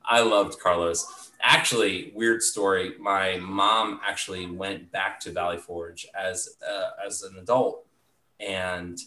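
A man's voice: low voice, little pitch movement, takes it slowly, bright, forceful tone, slight background noise. A man casually telling a story in a rambling way, full of "like" fillers. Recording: echoey room.

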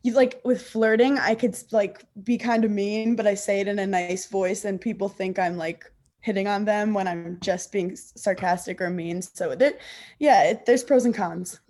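A woman comedian from New York with a calm, soothing voice, talking sarcastically as a podcast guest from her apartment couch over a video call. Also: medium pitch, normal speed. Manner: sarcastic, self-deprecating, laughs. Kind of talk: casual interview chat.

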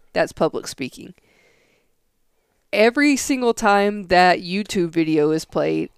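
A young woman chatting on a podcast in a smooth, low-pitched voice, full of "like" and "um" as she rambles through her thoughts. The sound is dry and close, with no room around it. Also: dry recording. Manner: rambling, argumentative, filler-heavy. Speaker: podcast co-host. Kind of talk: casual podcast chat.

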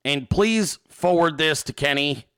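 Male streamer host, bright animated delivery, profane rants, casual reading of viewer mail. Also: on the high side, measured pace, clean tone. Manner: profane, ranting; reads viewer emails and chat aloud. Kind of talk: casual livestream chat.

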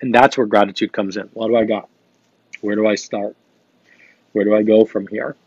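A young adult man hosting a live gratitude show, talking in an energetic, upbeat coaching manner, reading viewer comments and repeating phrases for emphasis. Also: fairly low pitch, normal speed, slightly rough, dry recording. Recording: dry, slightly dull stream audio.

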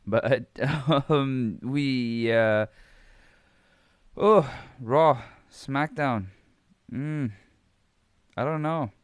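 A man's voice: mid-range voice, very slow, long pauses, no echo. A man hosting a casual podcast, rambling and swearing freely while recapping wrestling, laughing often. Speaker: podcast host.

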